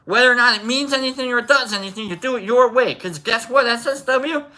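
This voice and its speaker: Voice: mid-range voice, fast, bright, forceful tone. A live stream host chatting casually, telling a rambling story and greeting viewers in the chat.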